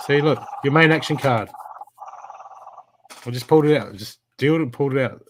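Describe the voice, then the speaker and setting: A man's voice: medium pitch, creaky, background noise. A man giving a live spiritual card reading, talking in an emphatic, repetitive coaching way. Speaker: intuitive card reader.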